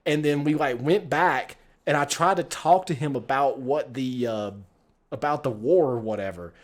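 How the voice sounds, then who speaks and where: A man's voice: medium pitch, normal speed. Rambling, profane American man streaming a game. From United States. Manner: rambling, profane, laughs often. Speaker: streamer playing a text adventure game. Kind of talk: casual gameplay commentary.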